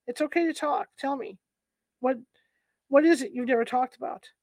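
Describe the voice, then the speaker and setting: A woman reading the part of a male doctor hypnotist, asking slow, calm, soothing questions. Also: high-pitched, dry recording, natural voice.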